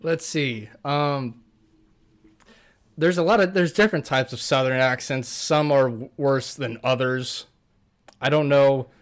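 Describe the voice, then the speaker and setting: A man's voice: mid-range voice, a little slow. Man, podcast co-host. Easygoing, hesitant, swears casually, mid-range voice. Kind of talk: casual chat.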